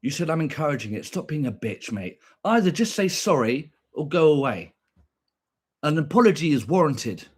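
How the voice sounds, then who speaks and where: A man's voice: on the high side, big pitch swings, moderate pace, a little mellow, slightly rough. A young British man with a combative, profane manner, ranting back at viewers on a stream and repeating his points.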